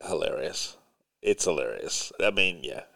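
A man's voice: sits low, animated, a little slow, gravelly, crowd noise. A man hosting a casual podcast chat, who laughs a lot and reads out news items with casual swearing. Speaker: podcast host.

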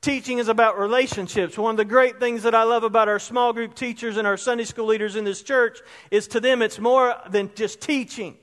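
Male pastor, very high voice, chatty preaching style, long church-hall reverb. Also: steady tone, a little fast, hardly any pauses, fairly bright tone. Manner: conversational preaching, asks the congregation questions. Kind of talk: sermon. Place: church sanctuary.

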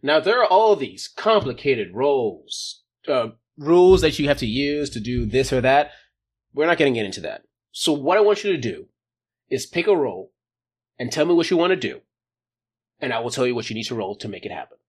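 A man's voice: medium pitch, sing-song, a little fast, breathy edge. A man running a tabletop role-playing game as game master, joking about how his plans went wrong. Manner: jokey, laughing at his own plans going wrong.

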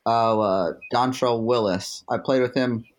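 A man's voice: mid-range voice, steady tone, moderate pace. A man, a former ballplayer, recalling old teammates in an easygoing, amused way. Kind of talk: casual storytelling chat.

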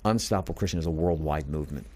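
A man's voice: extremely low pitch, racing, darkish tone. A middle-aged man, a motivational speaker and business coach, telling his story earnestly in a radio interview and acting out the dialogue he quotes. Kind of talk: conversational storytelling.

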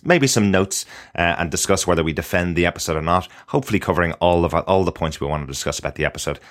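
A man's voice: sits low, fast talker. A man with an Irish accent, hosting a casual podcast discussion and reading an episode synopsis, laughing often. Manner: animated, laughs often, reads synopsis aloud. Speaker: podcast host.

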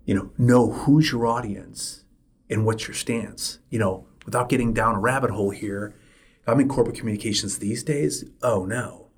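A man's voice: fairly low pitch, moderate pace, husky. A middle-aged man hosting a solo podcast, talking emphatically and repeating his points for stress. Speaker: podcast host.

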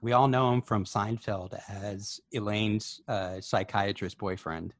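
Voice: low-pitched, fairly even intonation, dry recording. Dry-mic podcaster with wry asides. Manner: wry, quick asides, quotes lines. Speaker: podcast co-host. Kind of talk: casual chat.

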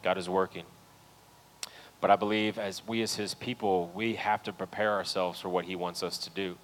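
A man preaching a sermon as pastor in a church, talking earnestly to the congregation and building to loud, pleading peaks. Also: low voice, flat delivery, normal speed, slight background noise, rough recording. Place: church sanctuary.

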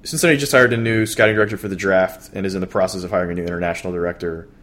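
A man co-hosting a podcast, talking baseball in a relaxed, chatty way with plenty of fillers and restarts. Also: deep voice, rapid-fire. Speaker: podcast co-host. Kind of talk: casual baseball chat.

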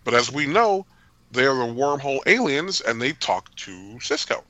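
Lively, bright-voiced man on a podcast. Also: medium pitch, moderate pace, a little hiss or hum. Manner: animated, opinionated. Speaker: podcast co-host. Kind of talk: casual chat.

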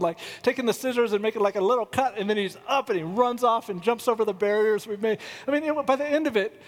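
A man's voice: high voice, fast talker, hardly any pauses. A male pastor preaching a conversational sermon and telling a humorous personal story. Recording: long reverb of a large hall.

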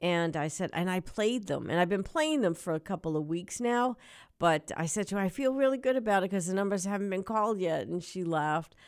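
A middle-aged woman hosting a local radio show, telling stories and ranting in a chatty, animated way. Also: lowish voice, brisk, clean tone. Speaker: radio host.

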